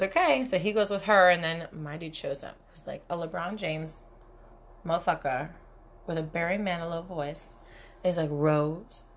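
A young adult woman hosting a casual solo podcast, telling stories candidly with lots of swearing and frequent laughter. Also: lowish voice. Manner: candid, profane, laughs often. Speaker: podcast host. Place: cabin.

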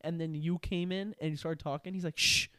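A young man in casual chat, telling stories and ranting in quick animated bursts. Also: on the high side, clear, resonant tone, no echo, studio quality.

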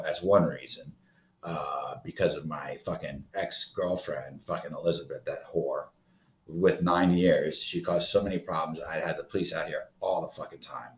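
A man's voice: very deep voice, reverberant. A man in his thirties from Florida, hosting a solo podcast in a profane, rambling, agitated rant. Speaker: podcast host.

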